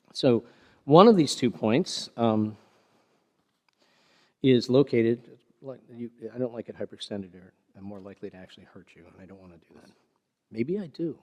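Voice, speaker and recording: A man in the middle of teaching a karate class, talking through a technique as he demonstrates it on a partner. He explains in a chatty, easygoing way, pokes fun at himself now and then, and keeps checking in with the students. His voice sits at an ordinary pitch for a man and trails off with a long reverb from the big dojo room. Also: a little mellow. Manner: explanatory, chatty, self-deprecating with laughs. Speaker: karate instructor. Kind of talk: hands-on martial arts teaching.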